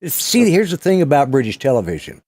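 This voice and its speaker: A man's voice: medium pitch, wildly swooping pitch, a little fast, a little mellow, no echo, studio quality. A man in his sixties from Colorado with an Oklahoma-tinged Southern American accent, hosting a live stream and telling long rambling stories with casual swearing. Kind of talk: casual chat.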